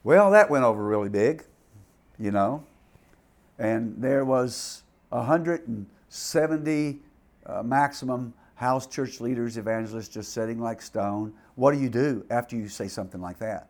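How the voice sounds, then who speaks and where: An older man with a gravelly, creaky voice preaches in sermon storytelling mode. He stammers and doubles back on his words, his delivery animated and earnest. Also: medium pitch, a little slow. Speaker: preacher telling a mission story.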